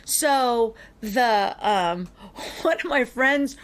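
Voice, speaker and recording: Chatty woman, fairly high voice. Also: drawn-out words. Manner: animated and chatty, with frequent fillers. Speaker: podcast co-host. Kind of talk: casual storytelling chat.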